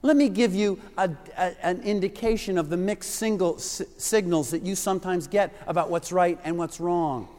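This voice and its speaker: Middle-aged male pastor, earnest emphatic sermon for youth; higher voice, reverberant sanctuary. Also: normal speed, hardly any pauses, mellow. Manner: earnest, emphatic, repeats key phrases.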